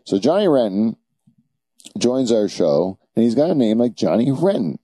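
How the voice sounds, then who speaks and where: A man's voice: mid-range voice, big pitch swings, normal speed, mellow, slightly rough, no echo. A man hosting a podcast, talking in a joking, rambling and crude way. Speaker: podcast host. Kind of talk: casual banter.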